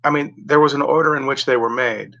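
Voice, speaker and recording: Speaking quickly in a creaky, mid-range voice that's pushed and bright yet steady in tone, this vlogger drifts through a casual ramble. He fills it with "like" and "you know" and fixes his phrasing as he goes, all on a dull, lo-fi home recording.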